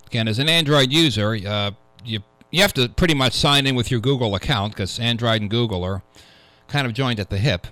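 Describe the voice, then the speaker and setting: A man's voice: mid-range voice, fairly quick, bright, forceful tone, no room sound, poor audio. A man hosting a casual tech radio show in a studio, rambling with many fillers as he talks through the news. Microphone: studio microphone.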